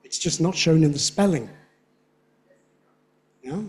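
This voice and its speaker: A man giving a conference lecture on speech. He talks in a chatty way, checks in with "yeah?" and says his examples slowly and clearly. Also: fairly high pitch, expressive, a little mellow. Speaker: guest lecturer on English phonetics. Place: lecture hall with an audience.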